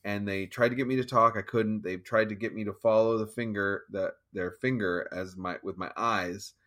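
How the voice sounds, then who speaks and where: A man telling a personal story in an interview, halting and restarting as he acts out his own thoughts. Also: fairly low pitch, a bit bright. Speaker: guest musician. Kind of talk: conversational storytelling.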